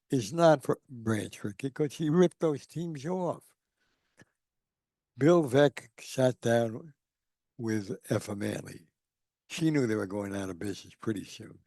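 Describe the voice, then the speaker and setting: A man's voice: medium pitch, creaky, dark tone, no echo, clean studio sound. An older man, a guest on a video call, telling anecdotes and acting out the people in them. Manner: acts out quoted people while telling stories. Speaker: guest speaker. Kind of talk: anecdotal storytelling.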